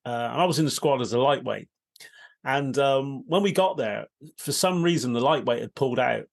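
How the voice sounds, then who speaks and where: A man hosting an interview, swapping lively anecdotes with his guest and laughing often. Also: mid-range voice, normal speed, vocal fry. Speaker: interviewer, host. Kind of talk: casual conversational storytelling.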